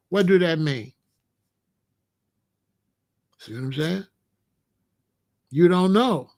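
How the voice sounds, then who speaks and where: A man's voice: high-pitched, slow pace, pauses often. A man hosting a livestream, lecturing viewers in chat in a preachy, repetitive way. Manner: preachy, lecturing, repeats phrases. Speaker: host.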